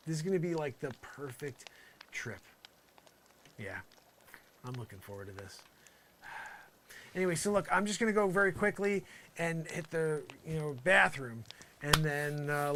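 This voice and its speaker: A man riffs through a rambling comic monologue in a somewhat high voice. He swings from loud sarcastic outbursts to low muttered asides. A faint hiss of noise sits under the recording. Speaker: comedian.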